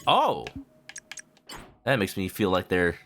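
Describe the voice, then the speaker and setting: A man's voice: low-pitched, huge pitch swings, slow pace, fairly bright tone, faint music behind. A man streaming a video game, chatting casually with rambling, joking asides. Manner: rambling, joking, self-interrupting. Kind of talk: casual live-stream commentary.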